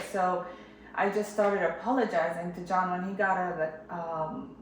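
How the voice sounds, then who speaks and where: A woman from Jerusalem candidly retelling a personal experience in an animated way. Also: lowish voice, moderate pace, slight background noise. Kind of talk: personal storytelling. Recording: echoey room.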